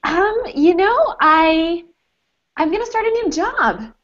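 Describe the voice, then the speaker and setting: A woman with a high, lively voice speaks as a guest author on a live web show over a video call. Her talk is bubbly and casual, full of "I mean" and "you know". The audio is dull and lo-fi. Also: slow. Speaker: guest author and food blogger.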